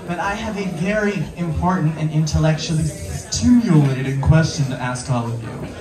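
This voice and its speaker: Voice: mid-range voice, animated, moderate pace, distant mic. Playful stand-up comic in a roomy venue. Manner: playful, chatty, riffing with the crowd. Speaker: stand-up comedian. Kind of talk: stand-up comedy set. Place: live music venue before an audience. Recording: roomy live venue, mic from afar, crowd noise. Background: audience laughing and clapping.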